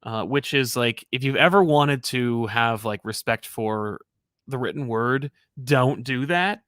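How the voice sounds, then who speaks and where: A man co-hosting a casual live comics chat, rambling and self-deprecating, with halting restarts. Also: medium pitch, fairly bright tone, no echo, clean studio sound. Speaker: co-host of a comics show.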